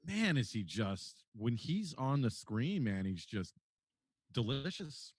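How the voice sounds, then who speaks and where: A man's voice: mid-range voice, sing-song, slow pace, no echo, clean studio sound. A man co-hosting a podcast, gushing about a TV show, swearing freely and stumbling over restarts. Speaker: podcast co-host. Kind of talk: casual chat.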